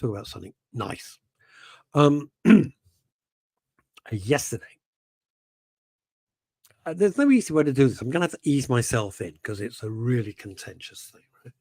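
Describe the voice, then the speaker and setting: A middle-aged man hosts a chatty radio show, his voice swooping up and down as he rambles and trips over his own sentences. His tone is a touch husky, and the sound is dry and close. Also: mid-range voice, moderate pace, long pauses, dry recording. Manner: animated, rambling, self-interrupting. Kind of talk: casual radio chat reading listener messages.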